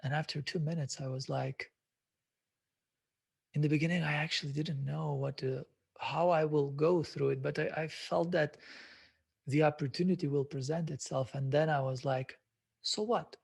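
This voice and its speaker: A man's voice: on the high side, fairly even intonation, normal speed, creaky, darkish tone, breathy edge. A man hosting a self-development webinar, speaking reflectively with many hesitant filler sounds. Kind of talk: live webinar talk.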